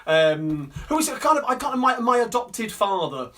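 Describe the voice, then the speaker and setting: A man's voice: high voice, big pitch swings, normal speed, fairly bright tone. Cheery man chatting between songs. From Coventry, England. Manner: upbeat, rambling, with many fillers and restarts. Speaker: singer and host of a live-streamed sing-along. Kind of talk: chatty live-stream banter between songs. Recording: distant mic with guitar playing.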